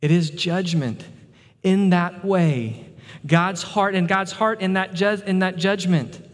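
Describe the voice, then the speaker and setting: A male pastor delivers a sermon in a church sanctuary, preaching emphatically and repeating words for stress. His voice sits high and moves slowly, with a long hall reverb around it.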